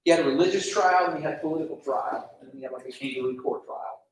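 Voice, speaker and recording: A man teaching a casual Bible lesson to students, animated, asking the class questions and acting out quotes. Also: a little high, quick pace. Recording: echoey room, mic far off.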